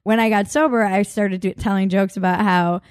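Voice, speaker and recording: A woman's voice: medium pitch, steady tone, normal speed, no room sound, clean studio sound. Laid-back candid woman comedian. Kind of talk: casual chat.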